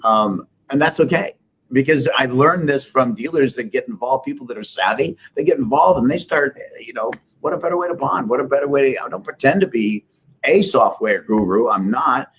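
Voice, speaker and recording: A man's voice: medium pitch, animated, fairly quick, a bit bright, breathy edge. A middle-aged man, a company CEO, telling rambling, self-deprecating business stories in a casual interview. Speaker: software company CEO, guest.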